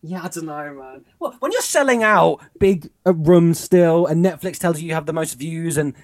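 A man's voice: a little high, normal speed, no echo, clean studio sound. A man co-hosting a podcast in casual chat, rambling and musing with lots of fillers. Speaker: podcast co-host.

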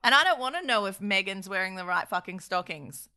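A woman's voice: mid-range voice, animated, a loud crowd. A woman co-hosting a podcast, swearing freely and teasing her co-host in casual chat. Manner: sweary, cheeky, quick to laugh. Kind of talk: casual chat and reading history aloud.

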